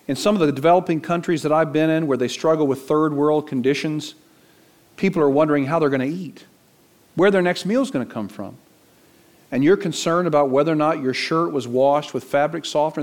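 A man's voice: fairly high pitch, fairly quick, darkish tone. A middle-aged male pastor preaching a sermon, his voice climbing for emphasis.

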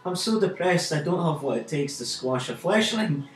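A man's voice: on the high side, animated, moderate pace, echoey room, a little hiss or hum, natural voice. A man playing a smug, gloomy giant robot villain while retelling a comic. He talks in a mock-grand, sneering way.

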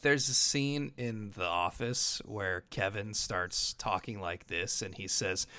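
Bright, clear-voiced man chatting casually. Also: fairly low pitch, lively intonation. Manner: rambling, laughs mid-sentence, halting restarts. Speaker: podcast co-host. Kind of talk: casual comedic chat.

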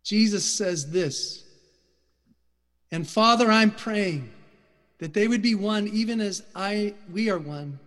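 Passionate high-voiced man preaching in a church hall. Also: slow. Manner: passionate, loud and emphatic. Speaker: guest speaker. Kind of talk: sermon. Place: church sanctuary.

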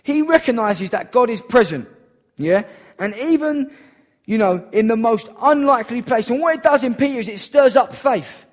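A man's voice: very high-pitched, animated, moderate pace. A man preaching a sermon in an earnest, emphatic way, repeating key phrases for weight.

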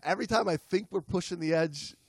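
A man's voice: high voice, quick pace, no echo. Jokey man reading aloud, dry close mic. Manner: jokey, laughs often, puts on Aussie slang. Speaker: podcast co-host. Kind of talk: casual podcast chat and reading aloud.

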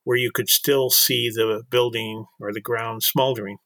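Bright, dry-voiced older New man. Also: mid-range voice, fairly even intonation, no echo. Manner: earnest, halting with repeated words. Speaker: interview guest. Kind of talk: storytelling in conversation.

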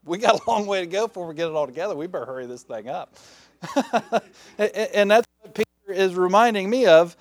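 A man preaching a folksy, lively sermon, with playful asides to the congregation. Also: sits high, a little fast, no room sound. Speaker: pastor. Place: church sanctuary.

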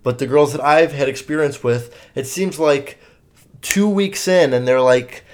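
A man's voice: medium pitch, unhurried, darkish tone. A young man hosting a solo podcast, chatting casually and rambling with lots of fillers and swearing. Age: young adult. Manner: rambling and profane, many fillers. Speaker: podcast host.

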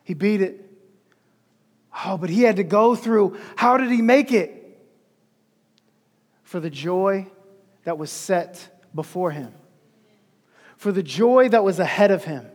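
A man's voice: sits high, expressive, slow pace, long pauses. A male pastor preaching a sermon with emphasis, repeating key phrases, recorded in an echoey hall.

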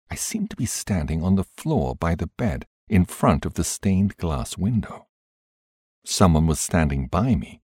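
A man narrating an audiobook in a measured, expressive reading. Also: low-pitched, slightly rough, dry recording, studio quality.

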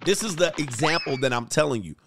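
A man's voice: a little high, lively intonation, fast, fairly bright tone, soft background music. A middle-aged man hosting a relationship coaching show, giving blunt, profane commentary on a news story and lecturing his listeners.

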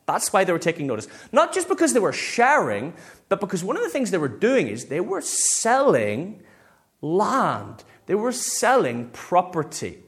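A man, a pastor preaching a sermon in a lively, conversational way. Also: high voice, moderate pace.

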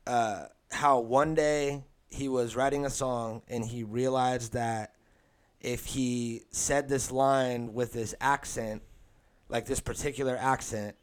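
A man's voice: mid-range voice, fairly even intonation, takes it slowly, clear, resonant tone. Easygoing man telling a story. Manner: easygoing, rambling. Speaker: podcast co-host. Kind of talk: casual chat, storytelling.

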